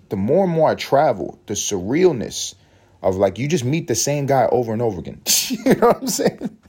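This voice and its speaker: A man's voice: fairly low pitch, dark tone, slightly rough. A man hosting a solo podcast, musing aloud in a profane, rambling way and laughing often. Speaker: podcast host.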